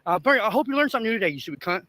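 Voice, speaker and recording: A man's voice: high voice, big pitch swings, rapid-fire, pushed and bright, dry recording. A man livestreaming from a public sidewalk, taunting and cursing at people in an aggressive, profane rant. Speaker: street streamer. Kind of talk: confrontational livestream ranting. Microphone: handheld camera.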